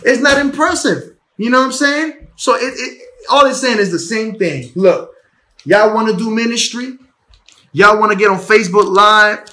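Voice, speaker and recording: Male preacher, high and bright, casual livestream Bible teaching on a phone at home, animated, restarts words. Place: home bedroom.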